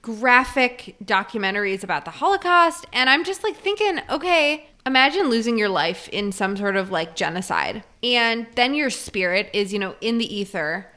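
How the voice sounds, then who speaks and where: A woman's voice: fairly high pitch, big pitch swings, bright, forceful tone. A woman co-hosting a podcast, chatting casually about a film with lots of filler words. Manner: chatty, lots of "like", quick laughs. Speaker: podcast co-host.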